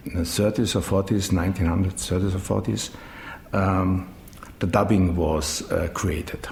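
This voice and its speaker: Brief: middle-aged man, German accent, very low voice, hesitant non-native English, echoey room with faint rumble. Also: steady tone, creaky, a little mellow. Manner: halting, searching for English words with many ums. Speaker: managing director of a dubbing studio. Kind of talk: interview answers.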